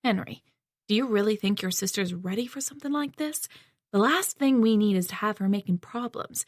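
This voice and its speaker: A woman voicing a gruff middle-aged man who leads a band of survivors, speaking bluntly and dismissively in an audiobook. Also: mid-range voice, expressive, fairly quick, no room sound, clean studio sound, close to an everyday voice.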